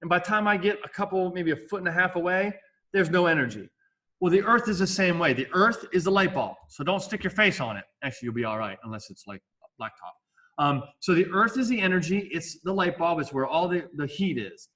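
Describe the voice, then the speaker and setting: A man's voice: high-pitched, animated, brisk, pushed and bright. A male science teacher giving a casual, jokey classroom lecture with asides.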